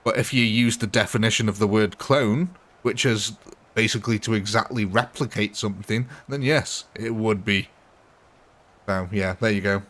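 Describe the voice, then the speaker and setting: A man's voice: on the low side, steady tone, normal speed, fairly bright tone. A man hosting a live gaming stream, chatting casually with viewers in a rambling, self-mocking way. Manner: rambling and self-mocking, prone to laughing at himself. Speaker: gaming livestream host.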